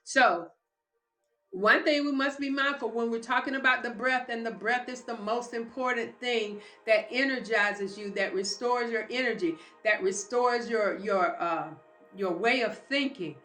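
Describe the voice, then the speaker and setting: A woman's voice: on the high side, normal speed, fairly bright tone, echoey room, faint music behind. A woman giving a live motivational talk, speaking emphatically and like a preacher straight to her listeners.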